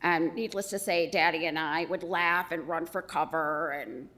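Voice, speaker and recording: A middle-aged woman giving a eulogy for her mother, telling stories with gentle humor. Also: deep voice, steady tone, normal speed. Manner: warm storytelling with gentle humor. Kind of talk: funeral eulogy.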